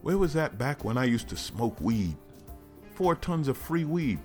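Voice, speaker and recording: A man's voice: mid-range voice, big pitch swings, unhurried, faint music behind. A man hosting a podcast, riffing sarcastically and animatedly on news stories. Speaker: podcast host. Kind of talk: comedic news commentary.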